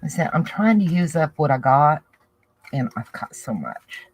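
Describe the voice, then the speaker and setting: A woman's voice: deep voice, big pitch swings, moderate pace, a little mellow, husky, low-quality recording. A woman with a Southern US accent chatting casually to viewers, rambling and thinking aloud as she works on a craft project. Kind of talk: casual crafting chat to camera.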